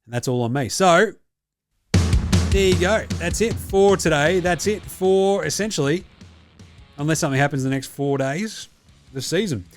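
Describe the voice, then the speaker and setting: A man's voice: on the high side, lively intonation, moderate pace, pauses often, soft background music. A man with an Australian accent, hosting a sports podcast and signing off in a casual, matey chat with a fair bit of swearing. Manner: swearing, laid-back and matey. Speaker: podcast host.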